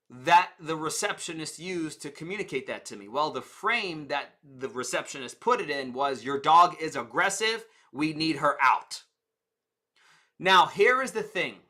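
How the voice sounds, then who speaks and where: Man, communication coach, conversational teaching, bright tense tone, slightly high voice. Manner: conversational, explains with stories and examples. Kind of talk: teaching talk to camera.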